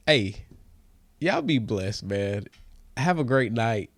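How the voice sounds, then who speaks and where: Slow, gravelly comedic podcast host. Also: male voice, mid-range voice, big pitch swings, dry recording. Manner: rambling, joking, drifts into soft mutters. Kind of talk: casual comedic monologue.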